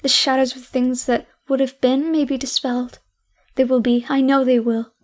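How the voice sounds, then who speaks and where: A woman's voice: sits high, little pitch movement, normal speed, close to an everyday voice. A woman voicing an overjoyed, repentant old miser in an audiobook, talking in fervent, breathless exclamations. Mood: ecstatic. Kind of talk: audiobook character reading.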